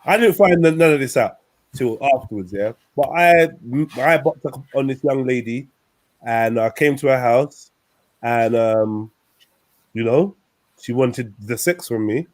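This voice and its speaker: A young man hosts a crude, joking chat show, spinning boisterous stories with lively swings in pitch. His pace is measured and the recording is dry.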